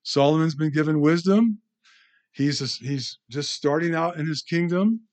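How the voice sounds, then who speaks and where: A man's voice: fairly high pitch, moderate pace, darkish tone. Conversational male pastor. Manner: conversational, asks the audience questions. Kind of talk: teaching sermon.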